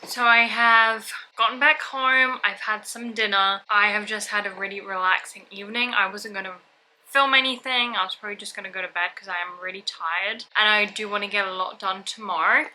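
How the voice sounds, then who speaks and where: A woman's voice: medium pitch, fairly even intonation, brisk, bright, forceful tone, slight background noise. A woman in her twenties from England with a mixed British and French accent, chatting casually and upbeat as a student vlogger while out and about. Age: 20s. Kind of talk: casual vlog narration. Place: car and out and about.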